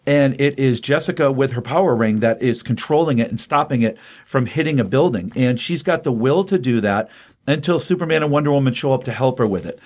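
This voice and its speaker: A man's voice: medium pitch, fairly quick, darkish tone. An older man casually reviewing a comic book, earnest and rambling with plenty of fillers, open about his feelings.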